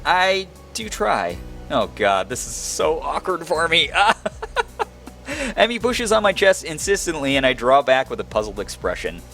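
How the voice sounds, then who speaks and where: A young man reading a visual novel aloud as its narrator, breaking off into animated, self-mocking commentary. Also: fairly high pitch, a little slow, soft background music. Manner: animated, laughing asides between read lines. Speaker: game streamer.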